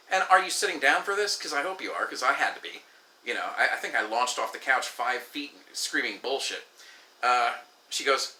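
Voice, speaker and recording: A man's voice: on the high side, sing-song, normal speed, sharp tone. A man vlogging an exasperated, profane rant, acting out the exchanges he quotes. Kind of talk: ranting storytelling to camera. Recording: echoey room.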